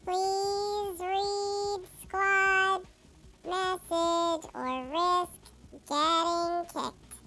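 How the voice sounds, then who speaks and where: Tiny chibi, squeaky pitched-up filter, extremely high, slow giggly chatter. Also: female voice, steady tone, pushed and bright, soft background music, exaggerated voice. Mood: playful. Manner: chatty, giggly, playful meowing. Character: tiny chibi version of the female streamer. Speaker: streamer. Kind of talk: casual gaming stream chat.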